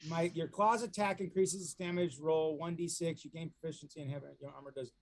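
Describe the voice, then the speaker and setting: Man, tabletop player, raised pitch, halting, thinks out loud. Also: steady tone.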